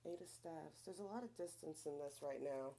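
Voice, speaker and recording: This tarot reader has a Long Island accent and a low, mellow voice at normal speed, with slight background noise behind her. Her casual reading is chatty and profane, and she keeps checking in with "right?"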